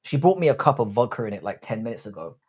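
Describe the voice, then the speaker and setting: A man's voice: mid-range voice, big pitch swings, fast, a little mellow, slightly rough. Cocky man bantering on a livestream. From Britain. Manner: crude, cocky banter, calls himself "your boy". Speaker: livestream host. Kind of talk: casual live chat reading out viewer comments.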